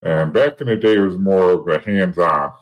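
A middle-aged man telling rough stories in a blunt, profane way, rambling with frequent restarts. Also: low-pitched, moderate pace, poor audio. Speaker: guest. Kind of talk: casual storytelling.

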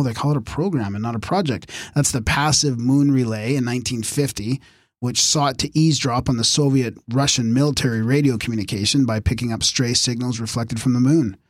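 A male podcast co-host with a voice on the high side reads aloud from his notes, tossing in asides and losing his voice as he goes. It's a casual chat with no echo and clean studio sound.

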